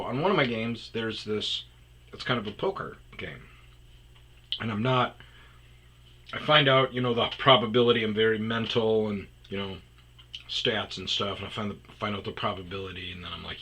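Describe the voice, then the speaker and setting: A man's voice: lowish voice, pushed and bright, a little hiss or hum. A man hosting his own vlog, telling a rambling, profane story in a casual monologue. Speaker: vlog host telling stories.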